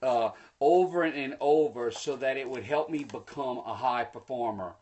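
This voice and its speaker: A man giving a live-streamed motivational talk, preachy and energetic, speaking to viewers through a phone. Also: medium pitch, normal speed. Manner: energetic, preachy, bursts into excited shouts; folksy, addresses viewers directly. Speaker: motivational speaker hosting a livestream.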